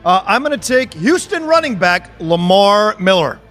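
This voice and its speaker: A man's voice: high voice, very animated, normal speed, a bit bright, faint music behind. A man taking part in a fantasy football draft, rambling with fillers before announcing his pick. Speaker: draft participant.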